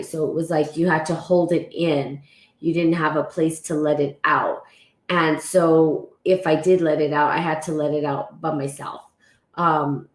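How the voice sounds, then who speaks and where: A woman hosting a live stream, talking reflectively and reassuringly with frequent fillers, reading passages aloud and greeting viewers. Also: low voice. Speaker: podcast host. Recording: echoey room.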